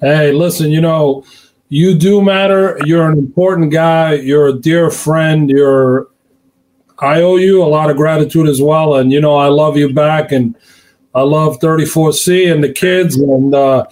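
A man's voice: fairly high pitch, fairly even intonation, a little slow, darkish tone, low-quality recording. Affectionate man hosting a show. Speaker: radio show host. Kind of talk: casual chat.

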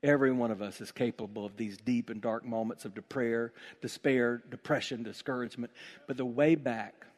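A man's voice: medium pitch, fairly even intonation, a little fast. A man preaching an emphatic sermon full of rhetorical questions in a church. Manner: emphatic, rhetorical questions, dramatic shifts between loud and hushed. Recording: long hall reverb.

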